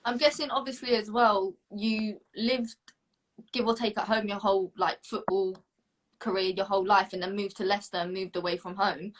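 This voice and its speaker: A woman's voice: medium pitch, steady tone, moderate pace. A young woman from the south of England hosting an interview, chatty and enthusiastic. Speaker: host. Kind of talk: casual interview chat.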